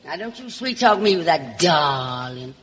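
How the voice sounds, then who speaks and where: A woman's voice: sits low, very animated, unhurried, a bit bright, a little hiss or hum. A woman with a Southern American accent performing a theatrical, drawling comic monologue, coyly calling everyone darling. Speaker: comedy host. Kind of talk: comic monologue on a radio show. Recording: dull old radio broadcast in a reverberant hall.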